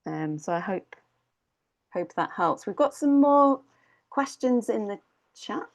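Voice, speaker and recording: A woman's voice: mid-range voice, animated, slow. A woman with an English accent teaches pronunciation in a live-stream Q&A. She explains patiently and step by step, building each point on a simple example. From England. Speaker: English coach.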